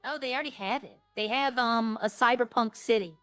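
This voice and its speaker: A woman's voice: on the high side, fairly quick, fairly bright tone, clean tone, no echo, faint music behind. A woman streaming a roleplay game, rambling to herself as she plays and chatting in character. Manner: rambling, talks to herself while playing.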